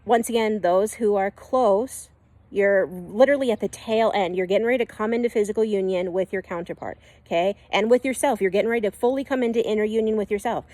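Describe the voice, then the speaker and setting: A woman's voice: mid-range voice, a little fast, a little mellow, dry recording. A woman who gives spiritual readings, teaching in a casual and emphatic way and checking in often with "okay?" and "right?". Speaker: spiritual reader.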